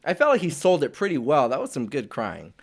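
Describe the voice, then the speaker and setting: A man's voice: fairly high pitch, huge pitch swings, brisk, husky. A man co-hosting a casual movie review, laid-back and swearing, acting out characters' lines. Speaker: podcast co-host.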